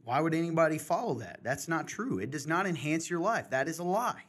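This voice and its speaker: A man's voice: fairly high pitch, sing-song, fairly quick, a bit bright. Passionate, candid middle-aged man. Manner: passionate, candid, talks in bursts. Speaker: podcast host. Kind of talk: casual chat.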